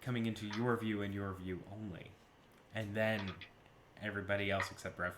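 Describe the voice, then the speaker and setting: A man running a tabletop game as game master, describing scenes slowly with measured pauses. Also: lowish voice, little pitch movement, reverberant, noisy background.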